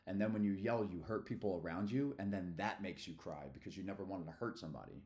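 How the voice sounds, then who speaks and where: Man, middle-aged, from Philadelphia, deep voice, rambling livestream chat, slangy asides. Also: fast, a little mellow. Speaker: streamer.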